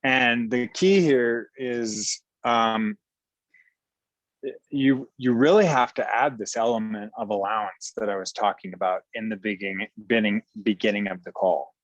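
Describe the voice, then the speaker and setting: A man coaching a group on a call, blunt and irreverent, pausing for an interpreter. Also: on the low side, no room sound, rough recording. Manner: blunt and irreverent, with sudden jokes. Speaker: facilitator speaking through an interpreter. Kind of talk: casual spoken coaching on a call.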